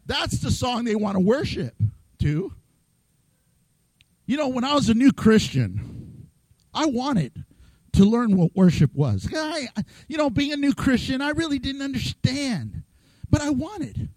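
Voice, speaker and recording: A man's voice: very high voice, sing-song, a little slow, long pauses, a little mellow, slightly rough, dry recording, rough recording. A man preaching a sermon in a playful way, acting out voices and laughing often. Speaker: pastor.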